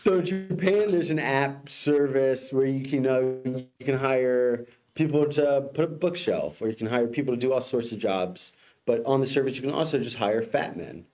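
A man co-hosting a podcast, presenting headlines in a relaxed, chatty way. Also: mid-range voice, moderate pace. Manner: easygoing, laughs along. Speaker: podcast co-host reading headlines. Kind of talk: casual chat.

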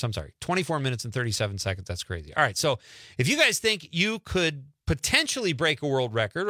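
A man's voice: mid-range voice, no room sound, studio quality. A man hosting a radio show in casual, joking banter, laughing often as he talks. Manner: jokey, animated, laughs often. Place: radio studio.

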